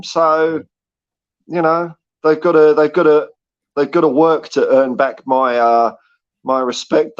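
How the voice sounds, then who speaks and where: A man giving blunt, rambling opinions as a guest pundit. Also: a little high. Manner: rambling, blunt, many fillers. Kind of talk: casual chat. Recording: dull lo-fi call audio.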